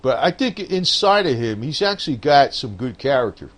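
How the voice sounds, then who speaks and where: A man's voice: mid-range voice, big pitch swings, moderate pace, fairly bright tone. A man talking politics in a casual, rambling monologue, swearing and laughing often and calling the listener "man.". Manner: rambling, profane, laughs often, frequent "man" and "I don't know". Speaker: political commentator.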